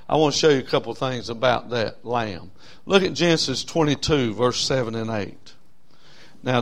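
A man preaching a sermon in a folksy way, swinging between loud stressed words and soft drawn-out phrases. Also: mid-range voice, vocal fry. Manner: folksy, with frequent uh fillers. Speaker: pastor.

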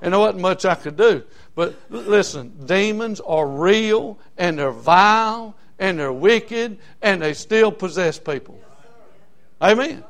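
Preacher, male, high-pitched, fervent and filler-heavy sermon delivery. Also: expressive, a little slow, fairly bright tone. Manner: fervent, repetitive, many fillers.

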